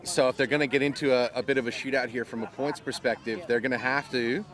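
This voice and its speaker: A man's voice: mid-range voice, steady tone, fast, fairly bright tone. Aussie guy doing laid-back play-by-play at a local gridiron game, explains the rules, outdoors on a stream mic. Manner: explains rules to newcomers, casual. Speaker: play-by-play commentator. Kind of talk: live amateur football commentary. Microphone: live stream mic.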